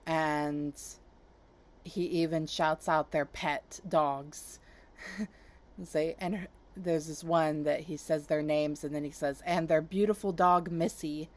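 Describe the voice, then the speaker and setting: Low-voiced woman chatting enthusiastically. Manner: rambling and enthusiastic, many fillers and soft laughs. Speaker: YouTube channel host. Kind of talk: casual chat, recommending channels.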